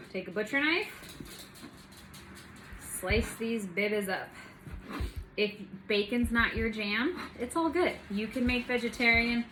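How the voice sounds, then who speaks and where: A woman's voice: mid-range voice, fairly bright tone, a little hiss or hum. A woman hosting a casual home cooking video, chatty and bubbly with playful asides, in her home kitchen.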